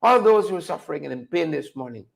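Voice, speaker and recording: A man's voice: fairly high pitch, quick pace, gravelly. A man hosting a live-stream show, chatting with viewers and calling them folks. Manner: animated, conversational, addresses viewers as folks. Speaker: host.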